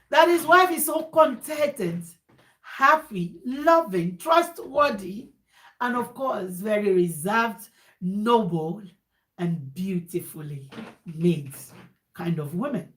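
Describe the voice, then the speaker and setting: A woman's voice: medium pitch, animated, slow. Woman, 40s, mid-range voice; emphatic, repetitive advice-giver who drops into pidgin. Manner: emphatic, repeats phrases, switches into pidgin. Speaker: married woman giving relationship advice. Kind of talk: casual monologue.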